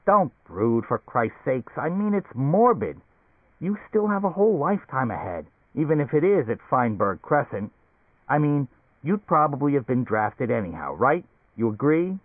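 A man's voice: mid-range voice, very animated, normal speed, no echo. A man voicing a pushy, blustering middle-aged male company boss in an audiobook, talking insistently and hectoring. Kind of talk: audiobook character voice. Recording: tinny narrow-band recording, dry.

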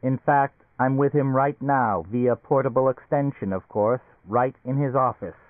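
A man's voice: medium pitch, normal speed, no echo, voice pushed up, lightly acted. A man doing a fussy chattering suitcase psychiatrist. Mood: prim. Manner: prim, chattering, giggly. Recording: tinny phone-like recording.

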